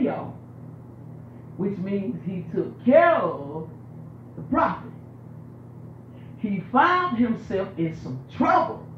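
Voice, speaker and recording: A man preaching a sermon, emphatic and repetitive, swinging from loud to hushed. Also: sits high, background noise. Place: church sanctuary. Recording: roomy, dull sound with faint ambience.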